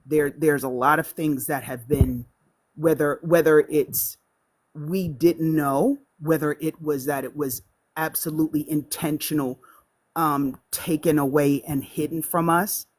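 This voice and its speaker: A man joining a live stream as a guest, speaking in a measured, formal way with many fillers. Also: a little high, steady tone.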